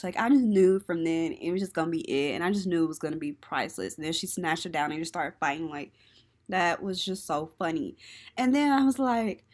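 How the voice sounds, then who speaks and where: A young woman, hosting a casual talk show and recapping an episode in a chatty, animated way. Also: mid-range voice, brisk. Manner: chatty, laughing, animated storytelling. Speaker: podcast host.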